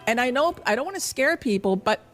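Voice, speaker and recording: A woman's voice: high voice, animated, fast talker, faint music behind. A woman making earnest predictions as a radio show psychic in casual banter. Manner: earnest predictions, laughs easily.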